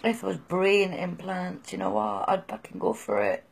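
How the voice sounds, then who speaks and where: A middle-aged British woman gives halting, raw, emotional personal testimony. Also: lowish voice, sing-song, creaky, husky. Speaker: person sharing her experience.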